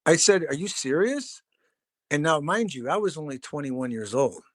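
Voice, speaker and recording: A middle-aged man with a somewhat high voice recounts old stories in a loose, rambling way, swearing freely and padding his sentences with fillers. The sound is dry and close, with no room around it. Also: animated, fairly quick, a bit bright, no room sound. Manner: rambling, profane, laid-back storyteller with many fillers. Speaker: podcast guest, drummer. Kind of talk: casual storytelling.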